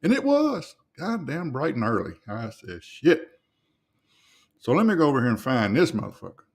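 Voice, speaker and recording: A man hosting a podcast, reacting to videos with loud, profane, mocking commentary. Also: mid-range voice, sing-song, normal speed, gravelly.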